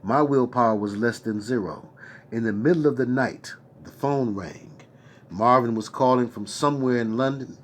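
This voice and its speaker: A man reading a memoir aloud in a steady voice, now and then stopping for slangy asides. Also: mid-range voice, normal speed, slight background noise. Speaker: reader.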